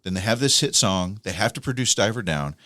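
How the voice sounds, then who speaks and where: A man co-hosting a podcast, telling music history stories in a casual, animated way and acting out quoted people. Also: on the low side, fairly quick, no room sound, studio quality. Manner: animated storyteller, acts out quoted voices. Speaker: podcast co-host. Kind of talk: casual storytelling chat.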